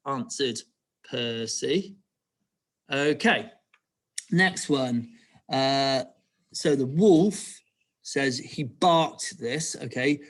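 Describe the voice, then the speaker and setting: A man's voice: medium pitch, lively intonation, slow pace. A male primary school teacher giving an online writing lesson, patiently walking pupils through each step and checking they follow.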